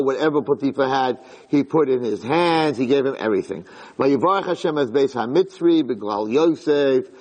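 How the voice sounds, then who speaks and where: A man giving an animated Torah class, acting out quoted lines with big swings in his voice. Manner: animated, acts out quotes with big pitch jumps. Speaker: Torah lecturer. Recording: long hall reverb.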